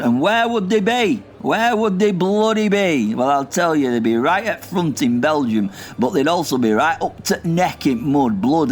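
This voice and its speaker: A man voicing a rambling, crude old war veteran with a gruff Lancashire accent in a comedy audio drama. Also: a little high. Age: older. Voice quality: gruff dialect-heavy rambling, confused and crude.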